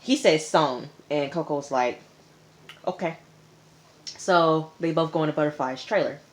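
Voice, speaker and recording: A woman with a slightly low voice recaps a TV episode for her vlog. She retells it in a lively, dramatic way, repeating lines for emphasis and talking casually to her viewers. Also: normal speed. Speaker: TV episode reviewer.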